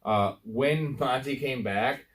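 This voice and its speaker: A man's voice: medium pitch, slow, a bit bright, distant mic. A man co-hosting a sports podcast in loose casual chat, swearing freely and saying he is drunk. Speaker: podcast co-host.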